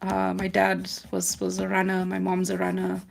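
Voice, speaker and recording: A woman in easy conversation during a paint-along stream. She is talkative and quick to poke fun at herself, and she moves loosely from topic to topic. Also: fairly low pitch, completely flat delivery, vocal fry. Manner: chatty, self-deprecating, jokey. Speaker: co-host of an art livestream. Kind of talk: casual chat while painting.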